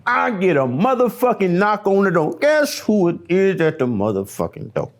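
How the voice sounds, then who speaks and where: A man telling his own story in an interview, raw and profane, dropping to hushed near-whispers and then rising into animated storytelling. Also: high voice, normal speed. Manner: profane and repetitive, restarting phrases. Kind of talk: confessional interview monologue.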